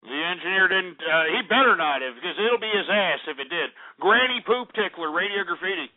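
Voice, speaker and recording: A man's voice: high voice, expressive, a little fast. A man hosting a call-in radio show, ranting angrily and profanely, repeating himself. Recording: tinny phone-like audio.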